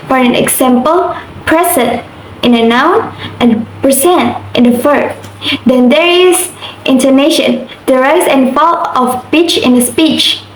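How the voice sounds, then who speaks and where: A young woman from Indonesia, a university student carefully reading a class assignment aloud, with occasional slips. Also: high voice. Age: young adult. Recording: roomy echo, faint background noise.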